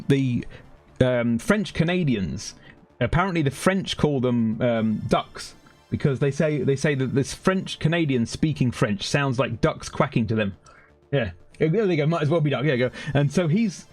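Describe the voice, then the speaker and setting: A man streaming a game, chatting casually and rambling, swearing freely, laughing often and yelping when the action heats up. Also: medium pitch. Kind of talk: casual chat while gaming.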